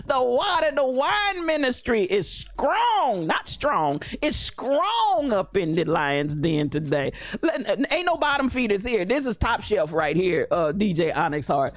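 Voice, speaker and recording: A woman hosting a live chat show in a dialect, animated and laughing often as she chats with her listeners by name. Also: mid-range voice, unhurried, few pauses, no echo. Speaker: host. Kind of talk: lively live-stream chat.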